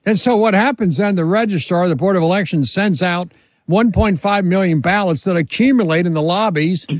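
A man's voice: high voice, a little fast, no room sound. A male radio host picking up and finishing his caller's points in casual talk.

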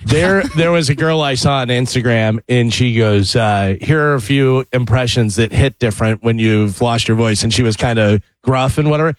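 A man's voice: medium pitch, normal speed, hardly any pauses, dry recording. A man co-hosting a radio show, chatting casually and teasing his colleagues. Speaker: radio co-host.

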